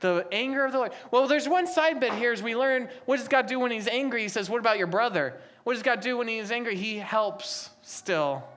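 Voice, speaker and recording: A woman's voice: fairly high pitch, brisk, hardly any pauses, a bit bright. A young adult woman preaching a sermon as a pastor, asking the congregation a stream of rhetorical questions.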